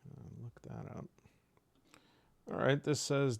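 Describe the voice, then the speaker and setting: Gravelly, slow-talking man playing a solo game. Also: medium pitch, dry recording. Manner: casual, rambling, with self-aside humor. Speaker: solo tabletop game player.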